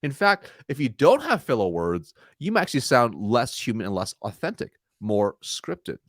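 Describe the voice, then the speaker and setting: A man with a mid-range voice, recorded dry with studio quality, is a guest on a podcast in a conversational interview. He's a sales trainer who talks energetically and acts out sales dialogue in quick asides.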